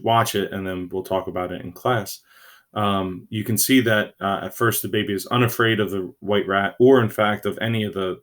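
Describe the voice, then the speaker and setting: A man teaching a recorded lecture to his students, halting and full of fillers, often checking in with "right?". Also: low voice. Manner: halting, many fillers and restarts.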